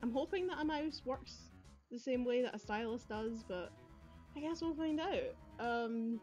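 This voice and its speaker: A woman's voice: on the high side, expressive, a little slow, a little mellow, soft background music. A young woman giving chatty, rambling commentary while playing a video game, laughing often, recorded on earbuds. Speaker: let's play gamer. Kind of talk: casual gameplay commentary.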